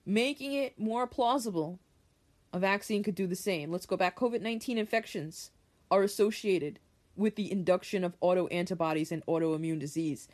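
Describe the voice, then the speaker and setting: A woman's lowish, slightly mellow voice moves at a normal speed as she hosts a solo podcast. She reads an article aloud, commenting in an angry, profane rant and repeating key points for emphasis.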